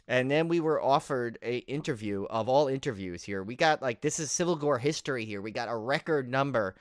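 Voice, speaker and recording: Male co-host, mid-pitched, dry sound, rambling and excited, many fillers. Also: a little fast, dry recording. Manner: rambling, full of "uh" fillers and restarts, enthusiastic. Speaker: podcast co-host. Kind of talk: casual chat.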